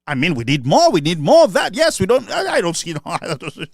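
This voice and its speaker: A man's voice: high voice, wildly swooping pitch, a little fast, vocal fry, dry recording, clean studio sound. A man with a Saint Lucian accent giving an impassioned political speech, sarcastic and mocking. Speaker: political commentator.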